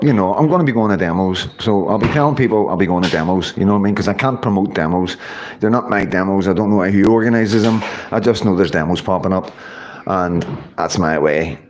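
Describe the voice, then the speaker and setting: A man with a somewhat low voice runs a casual livestream chat. He works through his viewers one at a time, greeting each by name in easy, informal local speech. A faint background hiss sits under his voice. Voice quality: informal, uses local words. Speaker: livestream host.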